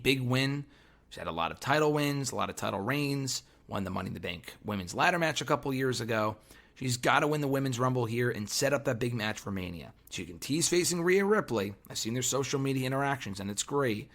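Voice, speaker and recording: A man hosts a solo wrestling podcast, his voice hoarse and worn as if he is losing it. He talks in an opinionated way and thinks aloud with frequent fillers. His voice sits at an ordinary mid pitch. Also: fairly bright tone. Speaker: podcast host.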